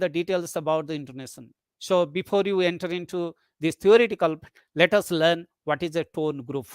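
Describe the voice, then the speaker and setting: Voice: mid-range voice, dry recording, clean studio sound. A lecturer giving an online webinar talk, explaining step by step, repeating points and posing rhetorical questions.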